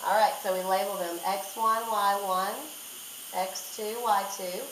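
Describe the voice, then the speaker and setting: A woman's voice: medium pitch, fairly even intonation, measured pace, a bit bright. A woman teacher talking through a recorded math lesson step by step, repeating key points. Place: classroom. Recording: echoey room, faint noise.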